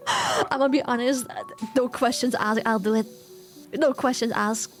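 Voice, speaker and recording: High-voiced chatty woman streamer. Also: unhurried, soft background music. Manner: chatty, laughs often, swears casually. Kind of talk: casual chat.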